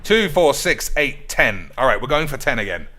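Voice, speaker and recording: A man commentating his card game stream in a crude, joking, excitable way. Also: mid-range voice, moderate pace.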